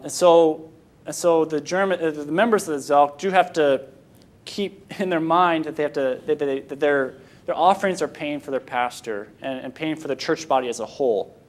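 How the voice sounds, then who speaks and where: A young man from Michigan, USA, with a fairly high voice gives a casual Sunday school talk. He halts and restarts his sentences often, then opens the floor to questions.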